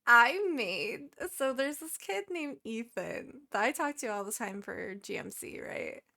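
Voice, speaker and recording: A young woman, co-hosting a podcast and telling a story in casual chat, animated and swearing as she acts out quotes. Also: fairly high pitch, measured pace, gravelly. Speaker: podcast co-host.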